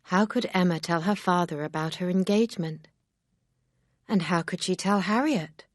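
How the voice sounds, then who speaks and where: Low-voiced woman narrating calmly. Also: normal speed, no room sound, studio quality. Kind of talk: scripted audiobook narration.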